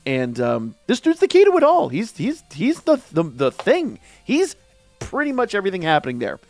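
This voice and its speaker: A man hosting a casual manga reaction review, excitable, slangy and emphatic. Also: high-pitched, normal speed, no room sound, faint music behind.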